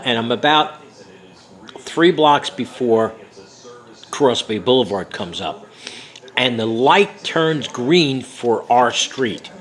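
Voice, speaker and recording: A man's voice: mid-range voice, a bit bright, rough recording. An older man from New York, recounting a story from his memoir with many fillers and a rambling, conversational way of talking. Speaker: memoir author.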